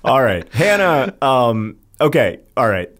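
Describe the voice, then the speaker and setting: A man's voice: medium pitch, big pitch swings, slow, a bit bright. Laughing, rambling male podcast host. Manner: laughs often, rambling self-corrections. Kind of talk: casual podcast chat.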